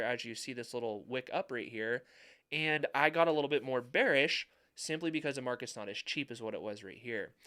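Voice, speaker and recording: Clear-voiced man talking stocks. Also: fairly high pitch, fairly bright tone. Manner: emphatic, repeats points for stress. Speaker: finance YouTuber. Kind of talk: market commentary over charts.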